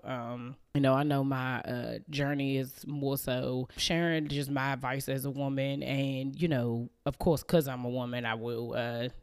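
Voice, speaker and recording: A woman's voice: extremely low pitch, darkish tone. A woman in her thirties hosting a podcast, telling a personal story in a casual, chatty way, with plenty of fillers and small laughs, acting out her family's lines as she goes. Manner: acts out family members' lines. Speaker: podcast host.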